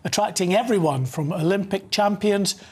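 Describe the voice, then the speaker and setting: A co-presenter reading news in a measured way. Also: mid-range voice, a little mellow, breathy edge.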